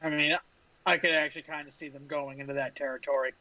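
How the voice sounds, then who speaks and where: A man's voice: fairly high pitch, flat delivery, fast, pushed and bright. A man talking on a podcast over a video call in a laid-back, easygoing way. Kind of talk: casual chat. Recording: dry, slightly dull call audio.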